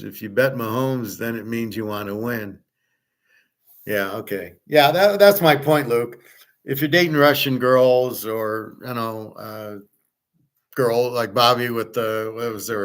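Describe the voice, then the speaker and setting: A middle-aged man talks in a loose, rambling way at a middle pitch. He is blunt and repeats himself, doubling words as he goes and swearing now and then. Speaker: host. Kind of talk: casual chat to viewers.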